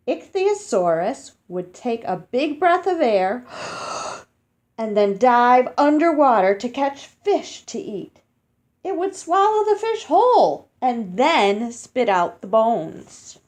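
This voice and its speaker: A woman's voice: a little high, sing-song, slow, a little mellow. A woman reading a picture book aloud to children, stopping to explain words, sound out hard names and ask them questions.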